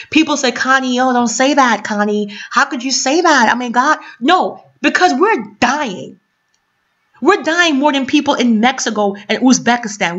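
A woman's voice: high-pitched, a bit bright. Impassioned woman vlogger on lo-fi audio. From New York City. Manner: impassioned, emphatic, repeats rhetorical questions, swings between reading and outburst. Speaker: commentary vlogger. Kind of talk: reading an article aloud and ranting about it. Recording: dull lo-fi sound.

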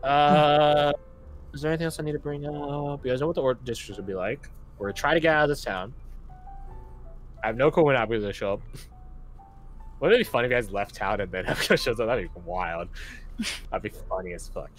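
Over soft background music, a young man serving as game master chats casually about a tabletop game in a brisk, medium-pitched voice. He's animated and full of energy, pausing often, using lots of fillers, and laughing between lines.

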